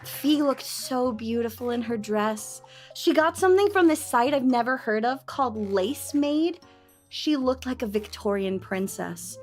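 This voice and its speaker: A young woman streamer chatting casually, telling stories in an excitable, gushing way. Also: on the high side, measured pace, faint music behind. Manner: excitable, gushing storyteller with lots of laughter. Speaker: VTuber streamer.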